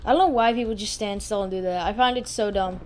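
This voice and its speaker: A woman giving live gameplay commentary as a channel host, excitable and full of exclamations, muttering to herself between bursts. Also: mid-range voice, fast, a little hiss or hum.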